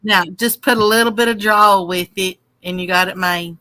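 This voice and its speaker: Woman co-host, bright and sharp tone, teasing and easygoing. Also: medium pitch, fairly even intonation, moderate pace, no echo. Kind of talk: casual chat.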